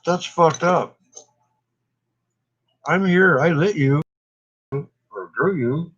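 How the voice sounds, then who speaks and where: A stoned man with a somewhat high, expressive voice talks very slowly, his tone fairly bright and the audio lo-fi. He's a cannabis vlogger in a casual smoking session, coughing often and rambling in a laid-back, profane way.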